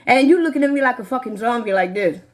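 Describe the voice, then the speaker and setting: Woman, 40s, high voice; heated live-stream rant, cursing nonstop at her viewers. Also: lively intonation, fast talker. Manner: heated, swears constantly, talks straight to viewers. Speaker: livestreamer.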